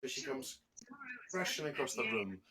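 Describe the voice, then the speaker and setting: A man narrating as game master, in a loose, halting way with fillers and restarts. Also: mid-range voice, sing-song, a loud crowd.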